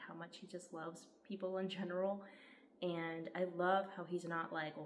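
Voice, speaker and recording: A woman's voice: lowish voice, slight background noise. A young woman gives an enthusiastic, heartfelt book review, peppered with "like". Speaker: book vlogger. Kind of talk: casual book review vlog.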